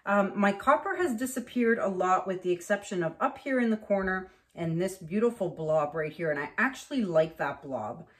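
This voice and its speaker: A middle-aged woman from Canada, painting on camera and telling a story in a casual, animated way, acting out the voices of the people in it. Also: mid-range voice, normal speed, hardly any pauses. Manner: animated, acts out voices in her stories. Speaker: acrylic pour painter.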